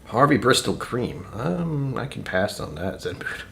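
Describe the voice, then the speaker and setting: Man in his own home stream setup, lowish voice, loose rambling chat, jokey asides. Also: big pitch swings, a little slow, gravelly, a bit bright, a little hiss or hum. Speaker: whiskey tasting streamer. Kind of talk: casual live-stream chat.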